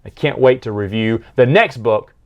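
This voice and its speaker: A man's voice: mid-range voice, normal speed, dull audio. Enthusiastic man rambling about a book. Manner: enthusiastic, rambling retelling with fillers. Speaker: book reviewer. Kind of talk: casual book review monologue.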